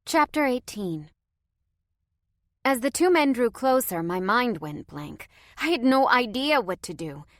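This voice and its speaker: A woman's voice: a little high, sing-song, unhurried, no room sound, studio quality. A woman reading a first-person audiobook with tense, dramatic storytelling. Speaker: audiobook narrator.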